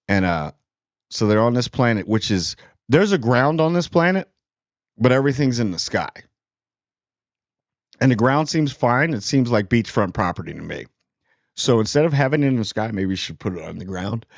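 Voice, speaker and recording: A man's voice: lowish voice, no echo, lo-fi sound. A man giving a casual, rambling movie review, sarcastic and full of fillers.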